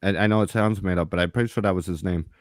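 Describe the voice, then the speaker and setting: A man's voice: sits low, very fast, dry recording, studio quality. A man telling a story in casual podcast chat, swearing often and acting out each exchange of dialogue with animation. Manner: profane, animated, acts out dialogue. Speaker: podcast co-host.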